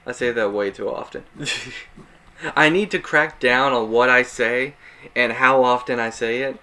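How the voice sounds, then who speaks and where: A man's voice: mid-range voice, unhurried, pushed and bright. A man giving casual, rambling gameplay commentary, self-mocking and chuckling at his mistakes. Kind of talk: casual let's-play commentary.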